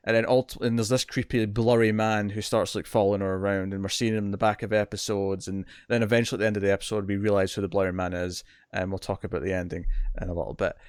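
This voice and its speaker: A man's voice: fairly low pitch, level tone, fast, few pauses, clear, resonant tone, no echo. Rambling British man reviewing TV, dry sound. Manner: rambling, repeats words, acts out scenes in quotes. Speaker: podcast co-host reviewing TV. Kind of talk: casual review chat.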